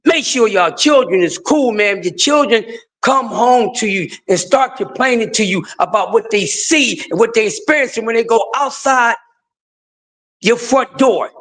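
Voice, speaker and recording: A middle-aged man, hosting a livestream in a high-pitched voice. He preaches with fierce emphasis, swinging between shouting and hushed pleading. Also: unhurried. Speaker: livestream host. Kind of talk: impassioned livestream rant.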